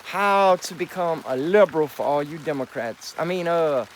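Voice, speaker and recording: A man's voice: a little high, normal speed, slight background noise, rough recording. A man vlogging in a rambling, profane, emphatic monologue, calling listeners partner and boy. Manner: folksy address with "partner" and "boy".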